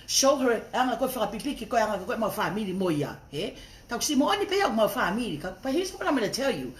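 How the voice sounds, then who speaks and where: Woman, angry livestream rant, profane, confrontational, code-switching into Tongan, phone mic, roomy echo. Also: medium pitch. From raised outside Tonga. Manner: mixes English with Tongan phrases. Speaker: social media livestreamer.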